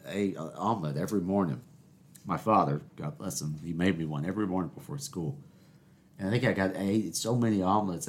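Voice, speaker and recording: A man hosting a solo podcast, rambling through stories and scolding himself by name, with lots of stammered repeats. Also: on the low side. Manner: talks to himself in the second person, animated storytelling with repeated "I, I". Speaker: podcast host.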